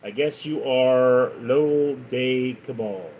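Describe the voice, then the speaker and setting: A man's voice: mid-range voice, slow pace, a little mellow, slight background noise, low-quality recording. A man hosting a live stream, casually reading out viewers' comments and answering them with chatty stories. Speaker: livestream host.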